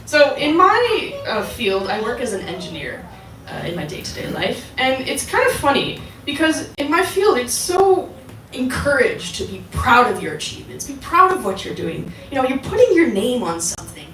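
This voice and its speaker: A woman's voice: sits high, sing-song, normal speed, a bit bright, slight background noise. A woman giving a casual devotional talk to a group, asking her listeners questions as she goes. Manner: conversational, asks the audience questions. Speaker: devotional class speaker. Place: temple hall. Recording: echoey hall, voice from far off.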